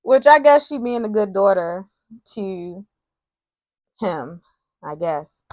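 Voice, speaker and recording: A woman's voice: medium pitch, sing-song, slow pace, darkish tone, dry recording. A woman casually recapping a TV soap episode, retelling scenes with quoted lines and personal asides.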